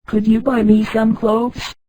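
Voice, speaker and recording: A woman reading the part of a calm man hiding from the authorities, his lines a touch lower and mellow. The delivery is dry and close, in the even manner of a storybook reading. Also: a little slow, no echo, low-quality recording.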